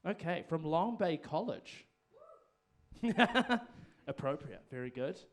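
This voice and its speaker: A man with a slightly high, a little mellow voice takes his time but stays animated while hosting live music. He's on a performing arts venue stage, rambling into a handheld mic and mocking himself.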